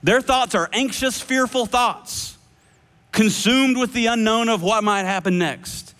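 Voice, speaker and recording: A man preaching a sermon, animated and playful with shifting voices. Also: sits high, measured pace. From United States. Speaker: pastor. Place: large church hall. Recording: long hall reverb.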